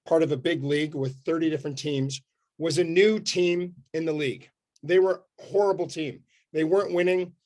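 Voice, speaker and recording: A man from Canada giving an energetic motivational talk on a video call, telling a story in punchy short sentences. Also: on the high side. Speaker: motivational speaker.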